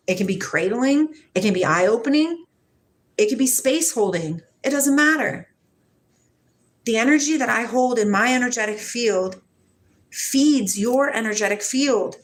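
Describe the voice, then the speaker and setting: Gently laughing woman in her forties. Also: on the high side. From Washington state, USA. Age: 40s. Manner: soft, affectionate, laughs often. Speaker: livestream host. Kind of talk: casual spiritual livestream chat, reading viewer comments.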